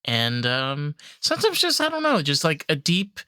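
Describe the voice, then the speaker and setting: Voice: mid-range voice, huge pitch swings, normal speed, sharp tone, no echo, clean studio sound. A podcast co-host chatting casually, loose and joking, swearing freely. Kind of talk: casual chat.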